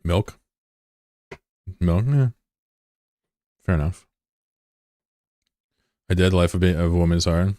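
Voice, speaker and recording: A deep-voiced man chatting loosely with his viewers while he plays, wandering from thought to thought with lots of "like" and the odd curse. The sound is close and dry, with no room around it. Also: takes it slowly, pauses often, mellow, no room sound. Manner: rambling, curious, filler-heavy and profane. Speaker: game streamer. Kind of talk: casual chat with viewers while gaming.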